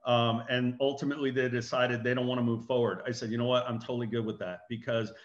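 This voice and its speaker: A man giving an animated business talk as a guest speaker, acting out dialogue and anecdotes. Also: medium pitch, fast, highs cut off.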